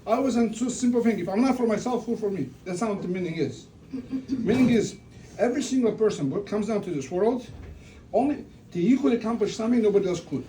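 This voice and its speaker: A man's voice: sits high, animated, quick pace, dark tone. A man giving an informal religious talk at a family gathering, telling stories and asking rhetorical questions. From Russia. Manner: storytelling, restarts and rhetorical questions. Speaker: family member giving a eulogy. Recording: distant mic with faint room noise.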